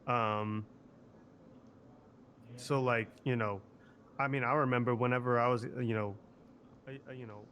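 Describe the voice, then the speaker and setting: A man's voice: medium pitch, steady tone, measured pace, pauses often, fairly bright tone, a little hiss or hum. A man streaming a roleplay game who rambles, swears casually and piles up fillers while trying for an Italian accent. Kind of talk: casual in-character game chat.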